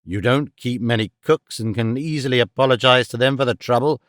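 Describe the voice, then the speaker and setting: A man narrating an audiobook gives voice to a domineering older moneylender who speaks curtly and dryly. Each point comes slow, measured and emphatic, in a dry, close voice. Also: medium pitch, a bit bright, dry recording, close to an everyday voice. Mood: commanding. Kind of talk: audiobook character voice.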